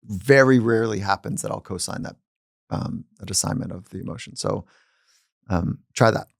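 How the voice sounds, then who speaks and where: Low-voiced man with a gravelly texture, calm and reflective, casual podcast talk, dry sound. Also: moderate pace, no echo. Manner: calm and reflective, speaking at length. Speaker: psychologist and podcast host. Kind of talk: casual conversation.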